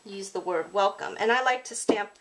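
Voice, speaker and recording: A woman's voice: medium pitch, normal speed, very noisy. Chatty woman narrating a craft tutorial. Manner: chatty, apologetic, lots of ums. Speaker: card-making demonstrator.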